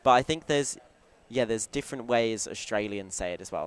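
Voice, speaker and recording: His voice leans low, clear and resonant, and he speaks fairly quickly with few pauses. A casual British stream commentator from the United Kingdom, he's talkative and jokey and often restarts his sentences.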